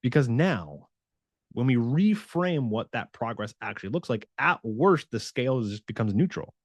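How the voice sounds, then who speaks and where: A man's voice: mid-range voice, normal speed, dry recording. A man working as a fitness coach, talking casually and with animation straight to his viewers, acting out the quotes. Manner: animated and conversational, acts out quotes. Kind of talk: casual talk to camera.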